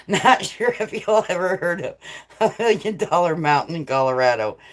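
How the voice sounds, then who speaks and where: A middle-aged woman hosting a casual live chat, laughing often and swearing freely as she reads viewers' comments. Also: lowish voice. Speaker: livestream host.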